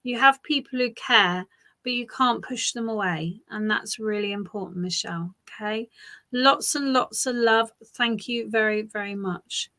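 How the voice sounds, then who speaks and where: Woman, psychic reader, bright forward tone, gentle reassuring delivery, soft repeats. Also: on the high side, measured pace. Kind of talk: live psychic reading.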